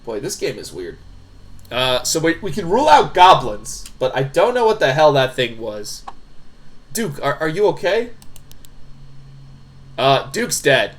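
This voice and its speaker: A man streams a horror game live, reading every character's dialogue aloud. He jumps and swears at the scares. His voice sits at a middling pitch for a man. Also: big pitch swings, normal speed. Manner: jumpy, swears and reads dialogue in shifting voices.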